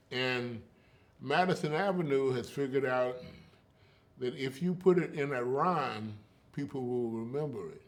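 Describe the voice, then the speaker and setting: An older man in an interview, talking in a rhythmic, emphatic way and often tagging lines with "you know" and "okay.". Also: medium pitch. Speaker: interviewee, griot. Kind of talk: casual conversational storytelling.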